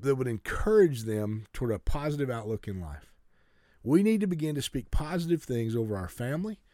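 A man's voice: mid-range voice, warm tone, no room sound, studio quality. A man preaching a sermon to a congregation, urging them earnestly and often stumbling and restarting his sentences. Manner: earnest exhortation with stammered restarts.

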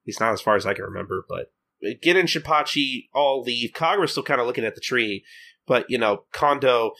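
A man's voice: medium pitch, animated, brisk, vocal fry, bright, forceful tone. A man co-hosting a podcast, chatting casually and hesitantly about an anime. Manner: hesitant, many fillers and restarts. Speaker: podcast co-host. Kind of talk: casual chat.

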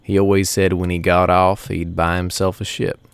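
A man tells a first-person story in an easy, folksy way. His voice is very deep and gravelly. The sound is dry and close. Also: flat delivery, moderate pace, no room sound.

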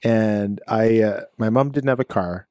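A man in his forties co-hosting a podcast, chatting casually and joking in quick banter. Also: on the low side, warm tone, dry recording, clean studio sound. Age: 40s. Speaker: podcast co-host. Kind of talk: casual chat.

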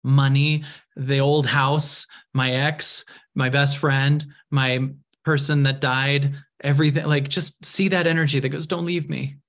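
A middle-aged man giving a guided reflection talk, speaking softly and slowly, with long pauses. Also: medium pitch, flat delivery. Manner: soft, slow and intimate, with long pauses. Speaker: spiritual teacher answering a viewer question.

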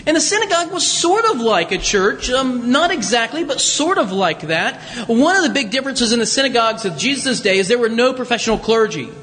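A man's voice: very high voice, sing-song, fairly quick, hardly any pauses, sharp tone, big-room sound. A man preaching a chatty, conversational sermon as pastor, with folksy asides to his congregation. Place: church sanctuary.

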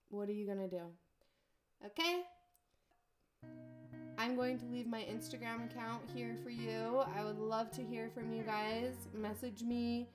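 A woman's voice: on the high side, fairly even intonation, unhurried, pauses often, over music. A woman vlogger giving casual motivational advice to her viewers in a chatty, encouraging way. She often says "like" and laughs easily. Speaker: self-help vlogger.

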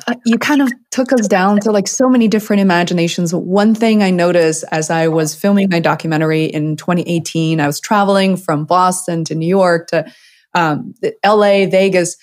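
A woman who learned English as a second language hosting an interview, speaking haltingly with restarts. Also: on the low side, darkish tone. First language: not English. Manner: halting, many fillers and restarts. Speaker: interview host, documentary filmmaker. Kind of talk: interview host chat.

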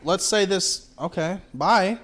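A man's voice: sits high, takes it slowly, fairly bright tone. Joking young man, noisy recording. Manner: joking, stammering, loose. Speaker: podcast co-host. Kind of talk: casual chat.

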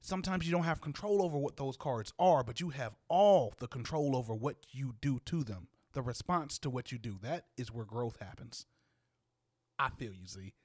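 A man's voice: medium pitch, lively intonation, normal speed, a little mellow, no echo. A man co-hosting a casual chat, playful and slangy, laughing often. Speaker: podcast co-host.

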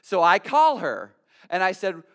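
A man preaching a sermon as a pastor, telling a story in an animated way and often stammering and repeating his words. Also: high-pitched, measured pace.

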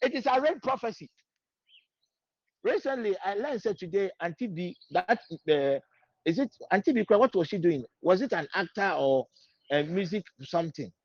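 A man's voice: high voice, lively intonation, normal speed. A man preaching a sermon, mixing in Twi and hammering lines with repetition. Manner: switching between English and Twi, repeating lines with rising emphasis. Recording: dull, lo-fi recording.

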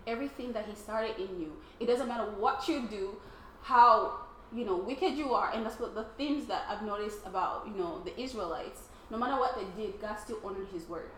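A woman sharing a personal faith testimony with a small group in a casual, excitable way, often laughing and acting out her own thoughts. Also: medium pitch, normal speed. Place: room with other people, casual group. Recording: roomy, faint background noise.

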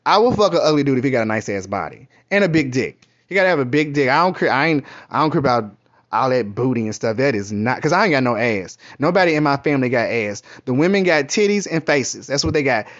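With a medium-pitched voice, big pitch swings, and a fast pace, a middle-aged Kentucky man vlogs a casual, rambling monologue of candid, profane stories. The recording is muffled and lo-fi.

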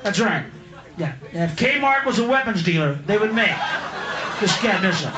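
Brief: ranting stand-up comic, man, high and animated, echoey live club with a roaring crowd. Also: normal speed, heavy background noise. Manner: ranting, profane, screaming bursts. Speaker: stand-up comedian. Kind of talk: stand-up comedy routine. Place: comedy club stage. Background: crowd laughter and applause.

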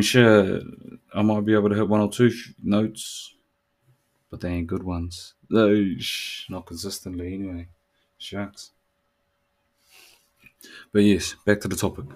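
A deep, darkish voice belongs to a man hosting a solo podcast. His casual chat is laid-back and slangy, turning reflective as it goes.

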